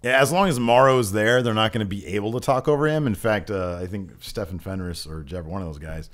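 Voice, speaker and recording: A man with a lowish voice hosts a casual wrestling podcast. He talks in a loose, jokey way and rambles into asides. He sounds relaxed and unscripted. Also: a little fast. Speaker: podcast co-host. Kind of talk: casual wrestling review chat. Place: home podcast set.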